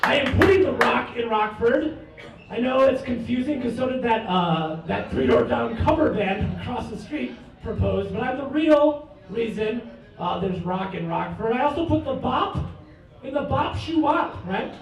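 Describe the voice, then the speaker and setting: A man's voice: very high-pitched, expressive, moderate pace, vocal fry. A man doing a stand-up comedy set in a bar, with cocky, mock-boastful bragging. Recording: echoey room from far off.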